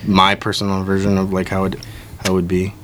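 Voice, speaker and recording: A man's voice: low-pitched, monotone, brisk, a bit bright, slight background noise. Hesitant man chatting casually. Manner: hesitant, lots of "like" and "um". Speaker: podcast co-host. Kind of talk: casual chat.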